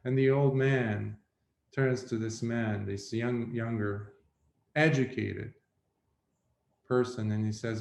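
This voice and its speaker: A Buddhist monk giving a reflective dharma talk, telling a story slowly with pauses. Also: male voice, mid-range voice, steady tone, creaky, darkish tone. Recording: roomy echo.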